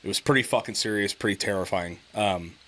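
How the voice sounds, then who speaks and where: A man's voice: on the low side, a little fast, a bit bright. A middle-aged man co-hosting a podcast, chatting casually, swearing freely and breaking into laughter as he tells family stories. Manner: profane, laughs a lot while telling stories. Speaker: podcast co-host. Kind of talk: casual chat.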